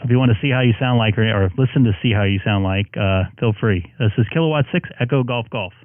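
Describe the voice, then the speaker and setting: A man's voice: fairly low pitch, quick pace, no echo. A man from Southern California talking on an amateur radio net, friendly and chatty, spelling out call signs. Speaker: ham radio operator. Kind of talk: on-air radio check-in chat. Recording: narrow radio transmission.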